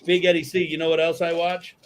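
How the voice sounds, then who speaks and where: A man's voice: fairly high pitch, flat delivery, fairly quick, a little hiss or hum. Rambling, profane male podcast host. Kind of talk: casual podcast chat.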